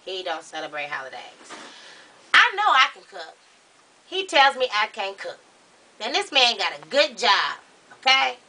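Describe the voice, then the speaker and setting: A man's voice: sing-song, normal speed, long pauses, bright, forceful tone, far from the mic, heavily acted. A man playing a gossipy, sassy middle-aged Baptist woman, chatting dramatically to the viewers. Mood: storytelling. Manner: chatty, dramatic, rising to shrill outbursts. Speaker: comedy character show host. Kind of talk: character comedy monologue to camera.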